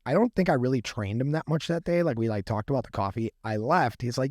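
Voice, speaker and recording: A man's voice: medium pitch, fast talker, dry recording. Guy on a podcast telling his founder story, cusses a lot, acts out what people said, dry close mic sound. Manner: animated, swears freely, acts out dialogue. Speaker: podcast guest, coffee company founder. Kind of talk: casual storytelling. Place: podcast studio room.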